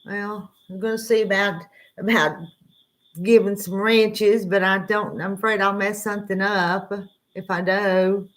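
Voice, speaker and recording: With a medium-pitched voice that barely moves in pitch, this Southern-accented woman speaks at a measured pace while hosting an early-morning livestream. Her chat is casual and rambling, and she says hello to viewers by name.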